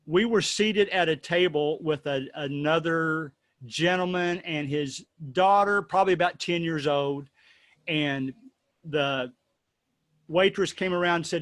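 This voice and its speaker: Male host, playful and rambling, slightly high voice, dry close sound. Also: a little slow, fairly bright tone, no room sound. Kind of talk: casual discussion.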